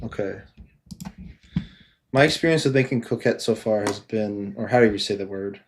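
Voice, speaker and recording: A man's voice: on the low side, normal speed, a little hiss or hum. A young man co-hosting a podcast in casual, joking chat, blunt and often swearing. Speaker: podcast co-host and game developer.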